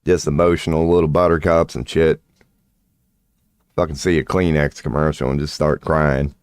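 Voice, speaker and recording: A man's voice: extremely low pitch, clear, resonant tone, no room sound, clean studio sound. A man hosting his channel in a casual, rambling monologue, crude and swaggering, swearing freely and often laughing mid-sentence. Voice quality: crude, swaggering, profanity-laced talk. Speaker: channel host.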